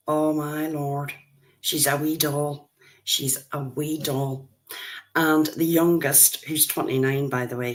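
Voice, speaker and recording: A woman in her fifties, a grandmother, hosting a casual livestream and chatting with viewers, greeting them by name as they join. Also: sits low. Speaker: livestream host.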